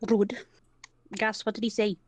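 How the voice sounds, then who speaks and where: A woman's voice: medium pitch, level tone, a little slow, a little mellow, no echo. A woman playing a tabletop game, thinking her moves through aloud and trailing off mid-sentence. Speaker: player. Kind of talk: casual tabletop game play.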